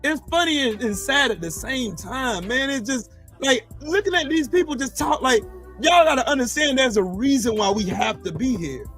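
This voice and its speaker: A man co-hosting a livestream, talking in animated, exasperated bursts and sometimes shouting. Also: extremely high pitch, normal speed, faint music behind. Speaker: livestream co-host. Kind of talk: casual livestream chat.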